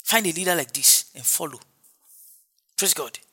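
A man's voice: fairly high pitch, animated, normal speed, sharp tone, breathy edge. A man preaching a sermon as pastor, with an emphatic, repetitive cadence and frequent exclamations.

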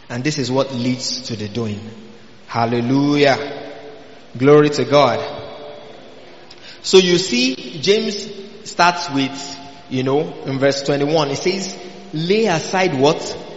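A man's voice: medium pitch, slight background noise. A man preaching a sermon. He asks the listeners questions and answers them himself, and he keeps breaking in with hallelujahs. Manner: call-and-response questions, frequent hallelujahs. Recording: echoey hall, dull lo-fi sound.

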